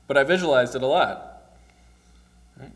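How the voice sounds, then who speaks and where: A man's voice: medium pitch, fairly bright tone. A male pastor giving a casual, conversational sermon, often asking "right?" and chuckling as he talks.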